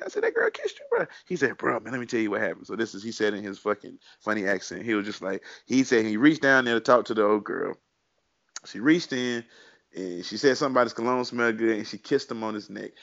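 A man's voice: medium pitch, a bit bright, dry recording. Rambling man telling a story, dull dry audio. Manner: rambling, many "you know" fillers. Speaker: podcast co-host. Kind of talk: casual chat, storytelling.

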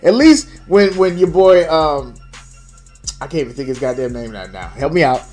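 A young man talks sports in loose, profane banter, quick to dismiss what bugs him. His voice sits slightly high, and faint music runs low beneath the chat. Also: lively intonation, darkish tone. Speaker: podcast co-host.

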